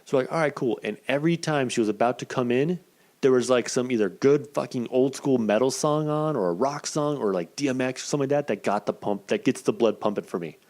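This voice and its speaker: A man hosting a podcast, telling a story in casual, profane chat and acting out quotes with lively swings. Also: medium pitch, quick pace. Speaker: podcast host.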